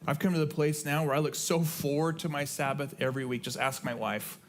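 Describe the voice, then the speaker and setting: A middle-aged pastor preaches a sermon in a church sanctuary, earnest and conversational, repeating key phrases for emphasis. His voice is a little high with fairly even intonation, delivered fairly quickly, and there is slight background noise.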